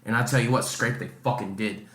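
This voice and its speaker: Talking fairly quickly in a lowish voice, a podcast co-host relates a story in casual chat, cursing a lot and theatrically voicing the people he quotes. The sound is reverberant.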